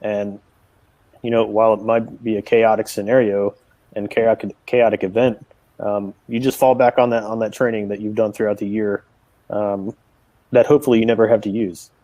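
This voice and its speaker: A man's voice: on the low side, flat delivery, normal speed, mellow, no room sound, poor audio. A man speaking as a panelist who steadily walks through steps in order. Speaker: webinar panelist. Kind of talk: conversational advice talk.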